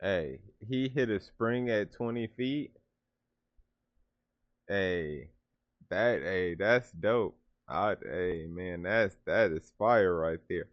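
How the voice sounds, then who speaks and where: Slangy low-voiced reaction host. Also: male voice, takes it slowly, no room sound. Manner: enthusiastic, slangy, thinks aloud. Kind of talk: casual reaction commentary. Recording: dull lo-fi sound.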